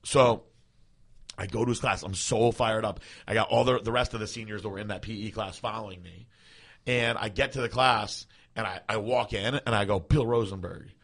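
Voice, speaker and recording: A man co-hosting a podcast, telling a story in a casual, animated way, swearing and laughing often. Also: on the low side, moderate pace. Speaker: podcast co-host.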